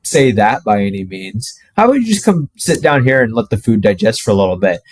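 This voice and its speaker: A man's voice: fairly low pitch, very animated, no echo. A man voicing his flustered parents, hurrying to deny and placate. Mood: placating. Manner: hurried, placating denials. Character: flustered parents backpedaling, voiced high.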